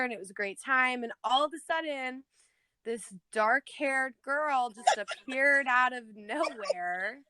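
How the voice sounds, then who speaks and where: A woman's voice: high-pitched, clean tone, no room sound. Young female podcast co-host, dry close mic, casual storyteller who acts out quotes. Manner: animated, swearing, acts out quoted voices.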